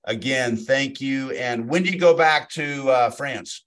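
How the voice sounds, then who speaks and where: An easygoing male podcast host in his forties, chatting casually with his guest. His voice sits at an ordinary middle pitch, and he drifts into self-deprecating asides with ease. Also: measured pace, a bit bright. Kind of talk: conversational podcast interview.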